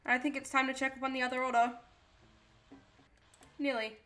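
A woman's voice: high voice, level tone, moderate pace, bright, forceful tone. A young woman streaming a game, chatting casually to herself and reading chat aloud. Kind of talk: casual live-stream chatter while playing a cooking game.

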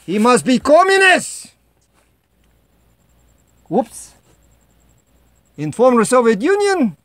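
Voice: high-pitched, no echo, heavily acted. A performer putting on a Russian-accented home vlogger who rambles in broken English, making jokey asides. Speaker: vlog host. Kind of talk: comedic home vlog monologue.

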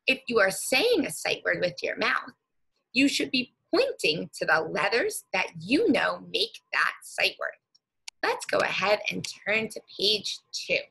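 A woman teacher leading a guided reading lesson for young children, speaking slowly and encouragingly and stretching out words. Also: mid-range voice, gravelly, pushed and bright, breathy edge, poor audio.

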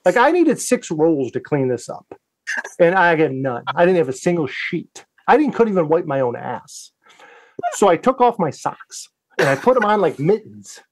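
A slight hiss or hum runs under this man's a-little-high voice as he talks at a moderate pace. He's a U.S. Navy veteran spinning a profane, animated story in a laid-back podcast chat, performing his own past quotes.

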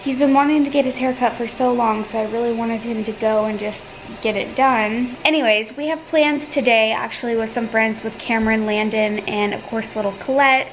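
A woman's voice: a little high, fairly even intonation, moderate pace, hardly any pauses, a little hiss or hum, poor audio. A young woman talking casually to the camera in a family vlog at home, chatty and full of fillers. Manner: chatty, filler-heavy, drops to a hushed murmur at times. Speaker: vlogger. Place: home, indoors.

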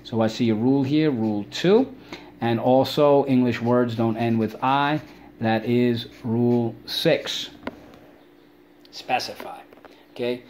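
A male teacher runs a spelling lesson for children, calling out words and having the class repeat them back. His pitch sits in the middle, and he jumps up high for playful asides. A faint hiss of noise runs under the voice. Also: fairly even intonation, takes it slowly, a little mellow. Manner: drills words with call-and-repeat chants. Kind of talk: online spelling lesson for kids.

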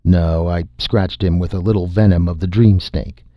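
A man voicing a gentle giant male reptile warrior who rumbles calm, earnest words, in a slightly muffled recording. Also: moderate pace, dry recording, lightly acted.

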